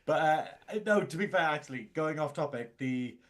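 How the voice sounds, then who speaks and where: A man's voice: on the high side, animated, moderate pace. A man co-hosting a podcast, chatting loosely, laughing often and going off on tangents. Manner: laughs often, rambling, self-deprecating. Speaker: podcast co-host. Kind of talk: casual chat.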